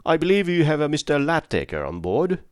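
A man's voice: fairly high pitch, big pitch swings, fairly quick, smooth, no room sound, clean studio sound, pitched above the performer's own voice. A man playing a stiff, formal investigator. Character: tall thin formal man, a private investigator.

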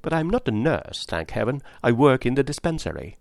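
Male reader as a cheerful young girl, chirpy, higher voice, lively lilt. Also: brisk, gravelly, dry recording, clean studio sound.

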